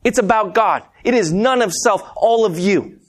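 A man's voice: high-pitched, moderate pace. A man preaching a conversational sermon, telling stories and calling the congregation "guys". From Montana. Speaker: preacher and math teacher.

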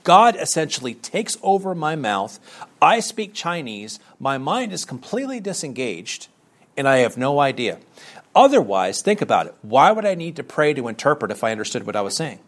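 A man's voice: medium pitch, big pitch swings, moderate pace, fairly bright tone. Male Bible teacher, mid voice, preaches casually, emphatic and questioning. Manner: rhetorical questions, emphatic and reading scripture aloud. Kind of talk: conversational sermon.

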